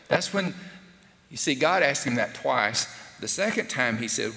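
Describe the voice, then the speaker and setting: A man preaching a conversational sermon as pastor, filling pauses and asking rhetorical questions, recorded live in a church sanctuary. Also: medium pitch, expressive, vocal fry, bright, forceful tone. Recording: live church broadcast with long reverb.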